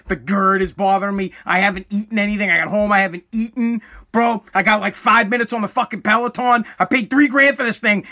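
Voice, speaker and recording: A forty-year-old man hosting his podcast from a home basement, ranting angrily and profanely, bursting into yelling, his throat scratchy from dust. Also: high-pitched, fast talker. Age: 40s. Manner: aggravated, swearing, bursts into yelling. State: throat irritated by dust, coughing. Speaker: podcast host. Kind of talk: angry profane rant.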